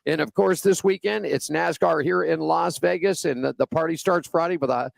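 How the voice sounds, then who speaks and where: A man's voice: fairly high pitch, moderate pace, vocal fry, no room sound. A male co-host of a racing radio show reading the race weather and an ad in an easygoing, folksy way. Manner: easygoing, folksy, says buddy and man. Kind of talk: casual racing radio talk. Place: Las Vegas area.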